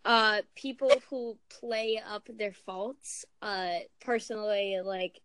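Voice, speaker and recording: A young woman in casual chat among friends, rambling in an animated way with many fillers. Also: mid-range voice, slow, clean tone, no room sound, poor audio.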